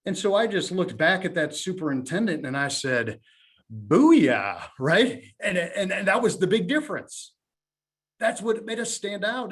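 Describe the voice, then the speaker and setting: A middle-aged man giving a sales presentation, telling a story with lively quoted dialogue. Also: high-pitched. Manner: animated storytelling, quotes others in his own voice. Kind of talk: conference talk with acted dialogue.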